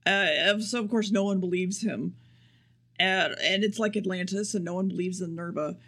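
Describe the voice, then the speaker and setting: A man's voice: high voice, steady tone, moderate pace, sharp tone. A man co-hosting a podcast, casually recapping an episode in a rambling, profane way. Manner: rambling and profane, acts out quotes. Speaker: podcast co-host.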